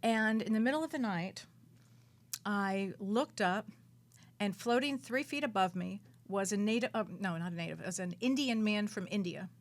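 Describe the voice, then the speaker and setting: A woman who works as a psychic medium, a guest on a radio talk show, telling her story in an animated, dramatic way and repeating words for emphasis. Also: moderate pace. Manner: animated, dramatic storytelling with big swings in pitch and loudness.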